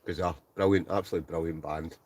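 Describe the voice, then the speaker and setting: A Scottish man with a low, deep voice chats easily through a livestream, reading out comments and laughing as he goes. He speaks from inside a tent, relaxed and talkative. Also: fast, husky. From Scotland. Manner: chatty, laughs often, reads viewer comments aloud. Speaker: livestream host. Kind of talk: casual live chat reading comments.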